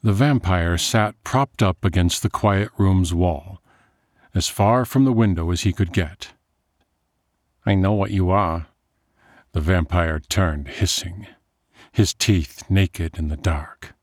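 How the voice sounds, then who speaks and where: A deep-voiced man reads a dark story slowly and with careful atmosphere. The recording is dry and close, with no room sound. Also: dry recording. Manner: measured, atmospheric. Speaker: narrator. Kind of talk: scripted story narration.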